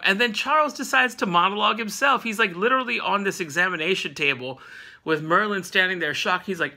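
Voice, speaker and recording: A man's voice: high voice, animated, fairly quick, gravelly, bright, forceful tone. A man hosting a casual comic book recap, telling the story in a jokey, slangy way and acting out characters' lines as he goes.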